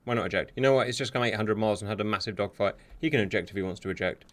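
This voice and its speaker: A man commentating on a simulated air and sea battle, excitable and sarcastic, talking straight to his viewers. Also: lowish voice, rapid-fire. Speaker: war game commentator. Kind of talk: live gameplay commentary. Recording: steady hiss behind the voice.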